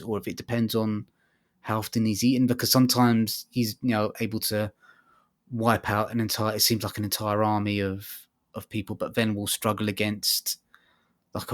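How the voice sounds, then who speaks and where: A man co-hosting a casual podcast, talking thoughtfully and hesitantly with many ums. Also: fairly low pitch. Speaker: podcast co-host. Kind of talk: casual chat.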